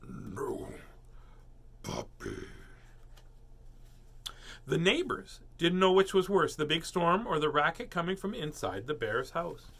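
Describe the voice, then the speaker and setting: Lively bright-voiced man reading aloud. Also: fairly high pitch, moderate pace, hardly any pauses. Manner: playful, jokey asides and puns. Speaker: storybook reader. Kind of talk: reading a children's book aloud with asides.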